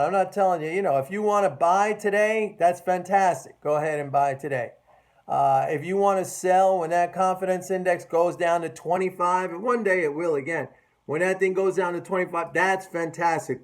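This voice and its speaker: High-voiced sarcastic male market commentator. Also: fairly quick. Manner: sarcastic and mocking; emphatic, repeats phrases. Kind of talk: casual market commentary rant.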